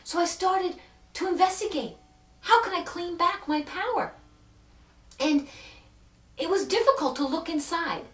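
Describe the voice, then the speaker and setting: High-voiced woman telling a heartfelt story. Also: recorded from a distance. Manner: earnest, with dramatic pauses and swings from hushed to loud. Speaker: self-help speaker. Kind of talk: emotional personal storytelling. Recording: echoey room, speaker set back from the mic.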